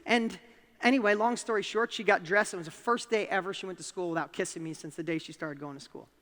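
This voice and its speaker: Animated man telling a story in a reverberant hall. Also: high voice, fast. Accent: New York. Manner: animated storytelling, emphatic rises. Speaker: speaker. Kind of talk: motivational talk.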